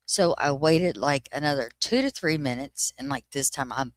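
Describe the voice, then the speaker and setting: A woman's voice: low-pitched, animated, a little slow, no echo. A woman chatting casually to viewers on a livestream, ranting and swearing freely, sometimes dropping to a whisper. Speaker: livestream host.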